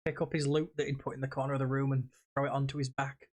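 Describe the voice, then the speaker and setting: A man with a Yorkshire accent playing a tabletop game, describing his character's actions with excitable, swearing banter. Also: medium pitch. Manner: excitable, swearing, quick laughs. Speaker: player. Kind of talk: casual tabletop game chat.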